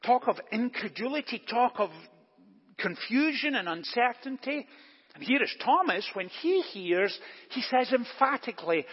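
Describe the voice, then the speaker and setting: A man preaching a sermon as pastor in a church, deliberate and emphatic, posing rhetorical questions. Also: very high-pitched, animated, breathy edge. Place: church during service. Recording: echoey church, long reverb, dull lo-fi.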